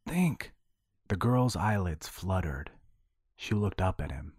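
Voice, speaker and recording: A man narrating audio fiction in a hushed, breathy manner. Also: low voice, lively intonation, measured pace, no echo, clean studio sound.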